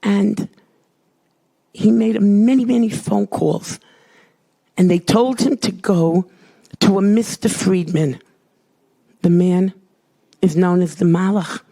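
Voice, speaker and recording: A woman giving an emotional personal testimony, swinging from loud cries to hushed whispers. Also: medium pitch, slow pace, long pauses, slightly rough. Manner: dramatic, rises to cries and drops to whispers. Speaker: storyteller recounting a hospital ordeal.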